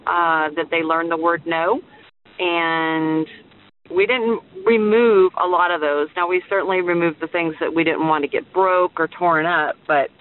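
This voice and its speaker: A man's voice: on the high side, fairly even intonation, unhurried. A man leaving a rambling voicemail with parenting advice for a show, over a phone line. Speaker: caller. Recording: tinny phone line with hiss.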